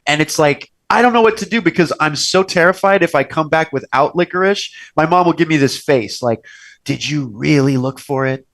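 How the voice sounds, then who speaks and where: A man's voice: a little fast, hardly any pauses. A young man hosting a casual chat show from a restaurant's wine cellar, telling stories and acting out quoted lines in bigger voices. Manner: animated storyteller, acts out quotes with big pitch jumps. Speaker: podcast host.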